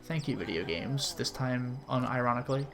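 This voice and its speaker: A man's voice: medium pitch, animated, a little fast, noisy background. A man giving casual, rambling commentary while streaming a game, peppered with fillers. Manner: chatty and rambling, with frequent "like" fillers.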